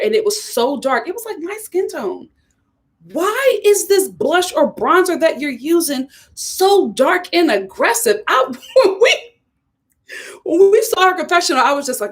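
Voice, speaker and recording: A woman's voice: high-pitched, sing-song, a little slow. A young woman giving a casual, sassy recap of a reality TV episode, often talking straight to the people on screen. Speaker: reality TV reviewer.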